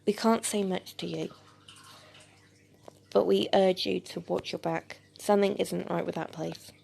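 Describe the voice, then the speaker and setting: A worried diner waitress, guarded and urgent, warning a stranger in a low gravelly voice, as a woman reader puts her on. The tone is mellow and dark in a homemade story recording. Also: steady tone, unhurried, exaggerated voice.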